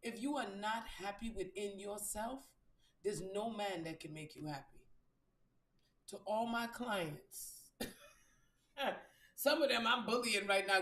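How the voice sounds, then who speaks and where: A woman's voice: mid-range voice, a little slow, pauses often, a bit bright. A woman hosting a live stream as a spiritual reader, giving a blunt, profane motivational talk and repeating phrases for emphasis. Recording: roomy echo.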